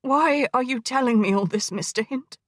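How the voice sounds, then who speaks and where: A woman voicing a frightened young noblewoman who questions a killer in a soft, fearful way. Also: high voice, normal speed, dry recording, studio quality.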